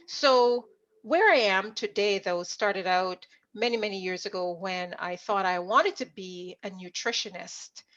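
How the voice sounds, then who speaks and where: Middle-aged woman from Jamaica, lively storyteller guest, mid-pitched, dull lo-fi call audio. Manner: animated storyteller, acts out remembered dialogue. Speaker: leadership coach, guest. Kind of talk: conversational storytelling interview.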